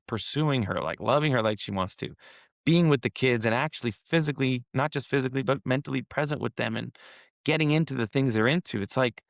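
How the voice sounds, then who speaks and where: In a dry, studio-quality recording, a man with a mid-range voice appears as a podcast guest; he's a wealth manager. In casual, conversational storytelling, he shares a personal story earnestly and emotionally, then turns to coach the listener directly.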